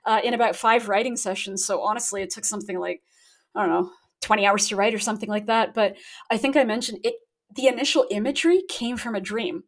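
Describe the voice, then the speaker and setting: A woman author talking in a relaxed interview over a remote connection, thoughtful and quick to laugh at herself. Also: mid-range voice. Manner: thoughtful, self-deprecating, laughs often. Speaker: guest author. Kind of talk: casual interview talk. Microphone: remote call.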